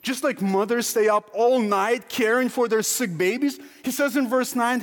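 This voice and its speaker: Male pastor, high voice, emphatic sermon delivery with big swings in loudness, church hall reverb. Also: normal speed, hardly any pauses. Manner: emphatic, questioning, rising to near-shouts then dropping low. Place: church sanctuary.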